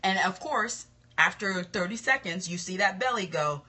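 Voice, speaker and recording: A woman's voice: medium pitch, lively intonation, moderate pace, bright, forceful tone, husky. A woman, coaching other estheticians in casual live-stream talk, confident and emphatic, often repeating her points.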